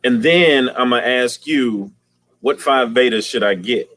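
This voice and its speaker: A man's voice: medium pitch, unhurried, a bit bright, dry recording. A man hosting a casual aquarium livestream, talking in slang and greeting viewers by name.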